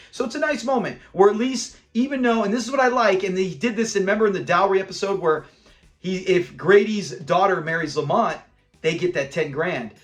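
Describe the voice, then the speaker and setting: A man's voice: high voice, animated, a little fast. A man hosting a casual episode review, animatedly retelling scenes and acting out characters' lines. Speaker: host of a sitcom review channel.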